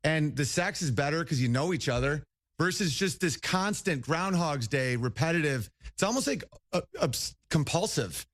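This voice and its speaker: A man's voice: fairly high pitch, animated, moderate pace, fairly bright tone. A man who is a comedian, guest on a talk show, chatting loosely with rambling, laughing asides. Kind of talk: casual interview chat.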